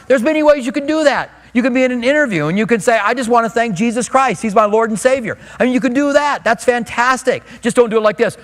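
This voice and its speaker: A man with a high voice preaches casually, slipping into the voices of the people he quotes. The sound carries a long reverb from a large hall. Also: expressive, quick pace, hardly any pauses, fairly bright tone. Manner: conversational, acts out quoted voices. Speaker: pastor. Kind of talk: expository sermon.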